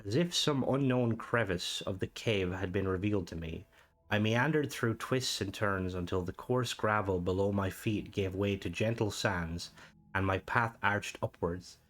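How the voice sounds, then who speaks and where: A man's voice: on the low side, fairly bright tone. A man doing a put-on accent to read aloud a story told by a grown man recalling a dreamlike boyhood. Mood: wistful. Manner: put-on storytelling accent, slow dramatic reading. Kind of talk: dramatic reading of a story.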